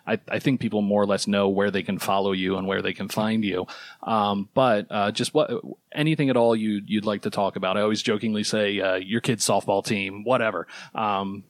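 A man's voice: fairly low pitch, fairly even intonation, a little fast, no room sound, studio quality. A man hosting a podcast, chatting casually with guests and reading an upbeat sign-off. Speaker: podcast host. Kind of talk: casual chat and scripted outro.

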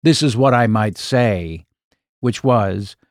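A man in his sixties, a comedian guest, telling an anecdote in an animated way, with asides and self-corrections. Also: on the low side, slow pace, no echo, studio quality. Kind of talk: anecdotal storytelling in an interview.

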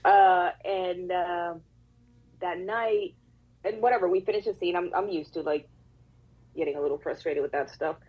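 An actress with a Puerto Rican accent tells a candid, emotional, profane story on a casual podcast. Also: female voice, on the low side, moderate pace, pauses often, slightly rough, lo-fi sound. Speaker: actress guest.

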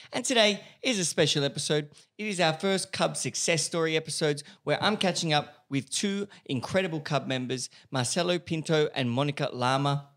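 An upbeat man with a slightly high, fairly bright voice hosts a podcast. His casual, chatty conversation is punctuated by frequent laughter.

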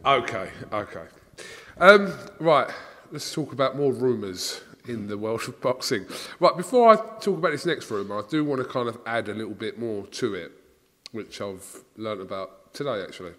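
A man's voice: mid-range voice, animated, moderate pace, fairly bright tone. A man hosting a podcast interview, chatting along as he sets up his questions. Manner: conversational, setting up questions. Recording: long reverb.

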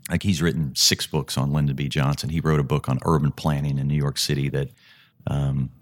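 A man's voice: very deep voice, little pitch movement, fairly quick. A middle-aged man, a golf analyst and podcast guest, telling stories vividly with frequent restarts. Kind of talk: conversational storytelling.

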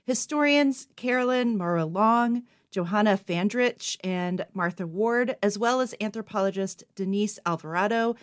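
A woman co-host reading a scripted history segment in an even, matter-of-fact way. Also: mid-range voice. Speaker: podcast co-host.

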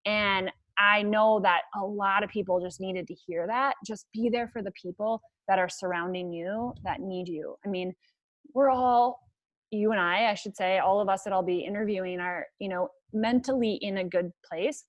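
Energetic woman podcast host. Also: medium pitch, moderate pace, no echo, lo-fi sound. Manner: energetic, emphatic storyteller. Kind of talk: casual interview chat.

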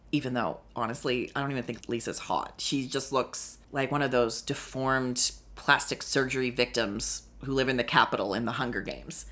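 A young woman casually recapping a reality show, snarky and profane, with sudden high exclamations. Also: moderate pace, fairly bright tone. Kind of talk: casual solo commentary.

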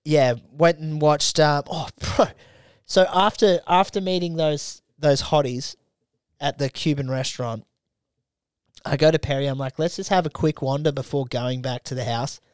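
A man's voice: on the high side, fairly even intonation, normal speed, clear, resonant tone, no room sound, clean studio sound. A young Australian man co-hosting a podcast, telling a travel story in casual chat, swearing freely and acting out his mates' lines. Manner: swears freely, acts out friends in quoted dialogue. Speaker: podcast co-host.

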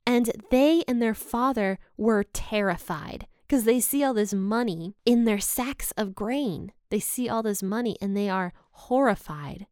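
A woman teaching a Bible study, retelling the story in a casual, lively way and acting out the characters' panic, often amused. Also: fairly high pitch, unhurried, few pauses, no echo, clean studio sound.

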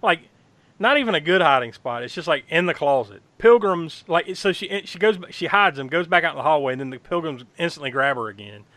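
Man, bright forceful voice, slightly high, excitable, swears a lot, laughs often, dry close sound. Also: a little fast, no echo. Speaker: podcast co-host recapping a horror film. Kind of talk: casual chat.

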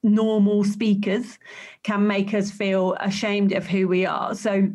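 A woman's voice: mid-range voice, monotone, takes it slowly, darkish tone. Chatty woman podcast host. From half Maltese family. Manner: chatty and upbeat, laughs easily. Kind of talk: casual interview chat.

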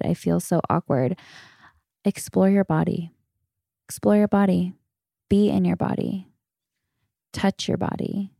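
Gravelly low-voiced woman podcasting solo. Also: no echo, studio quality. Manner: frank, warm coaching tone with casual swearing. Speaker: podcast host. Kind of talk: solo podcast Q&A, casual and candid.

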